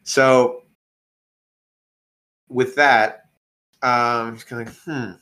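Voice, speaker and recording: A man's voice: medium pitch, normal speed, a bit bright, poor audio. A slightly tipsy man narrating a tabletop game as its game master. His talk is loose and rambling, with plenty of restarts and laughter. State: a little drunk.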